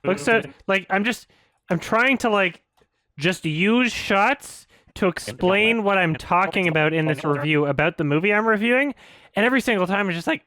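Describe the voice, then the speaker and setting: A man's voice: animated, moderate pace, pushed and bright, dry recording. A man reviewing a film while he edits, ranting in frustration and laughing in disbelief. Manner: frustrated, laughing, pitch jumps up when outraged. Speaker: video reviewer. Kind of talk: exasperated ranting while editing.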